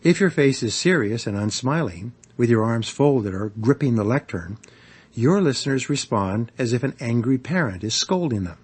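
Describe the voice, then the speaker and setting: A husky man narrates an audiobook on persuasion and public speaking. His delivery is measured and instructive, and his pitch rises and falls in a lively way. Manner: measured, instructive, varies emphasis for examples. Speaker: author narrating a speaking guide.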